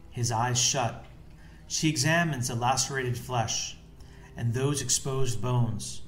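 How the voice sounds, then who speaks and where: A man giving a solemn, measured devotional reading, with a few phrases in Latin. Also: medium pitch. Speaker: devotional reader. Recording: echoey room with faint background hiss.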